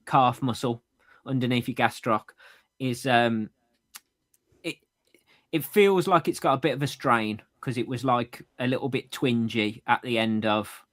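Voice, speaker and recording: A man co-hosting a running podcast over a remote call, chatty and stumbling, laughing at his own slips. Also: medium pitch. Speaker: podcast co-host. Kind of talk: casual chat. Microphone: AirPods.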